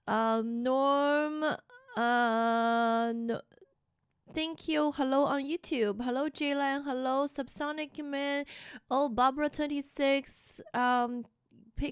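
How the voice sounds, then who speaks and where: A woman's voice: high voice, no echo, studio quality. A young woman streaming live, chatting casually and greeting viewers one by one by name.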